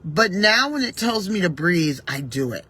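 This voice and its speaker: Husky woman giving morning encouragement. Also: fairly low pitch, sing-song, normal speed. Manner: warm, reflective, conversational, with gentle faith references. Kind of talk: casual motivational talk.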